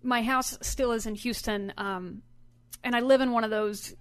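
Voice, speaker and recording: Animated, emphatic woman storyteller. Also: a little high, normal speed, clear, resonant tone. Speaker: podcast co-host. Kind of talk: casual storytelling chat. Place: lives in Houston area.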